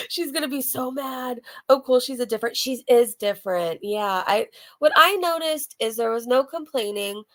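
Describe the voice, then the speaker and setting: A woman's voice: on the high side, normal speed. A woman hosting a casual reaction channel, chatting to her viewers and laughing often.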